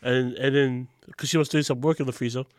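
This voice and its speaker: A man co-hosting a podcast in casual chat, telling stories and laughing loudly at them. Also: mid-range voice, fairly quick, no echo, studio quality. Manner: animated, laughs loudly at his own stories. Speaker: podcast co-host.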